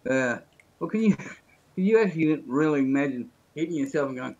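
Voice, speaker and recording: A man's voice: fairly high pitch, lively intonation, fairly quick, a little mellow, dull audio. A man on a video call, chatting casually and joking his way through rambling stories. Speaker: guest.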